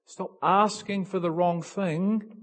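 A man preaching a sermon, swinging between hushed lines and loud cries and acting out little dialogues. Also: high voice, fairly even intonation, slow.

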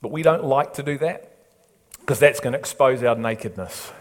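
A man's voice: mid-range voice, moderate pace. A male pastor preaching with emphatic, rising delivery. His voice rings out with a long reverb tail, as if in a large church hall. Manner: emphatic preaching that drops to a hushed, soft delivery. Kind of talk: sermon.

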